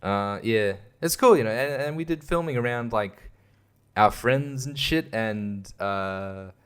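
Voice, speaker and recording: A man's voice: medium pitch, measured pace, a bit bright, clear, resonant tone. A young man hosting a casual monologue, rambling and swearing, often laughing at himself. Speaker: host.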